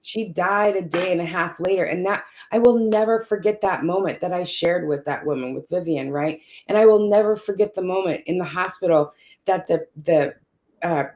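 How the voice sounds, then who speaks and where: A woman's voice: on the low side, normal speed, a little mellow. A woman telling a personal caregiving story in conversation, checking in often with "you know" and "right?". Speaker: caregiver sharing her story.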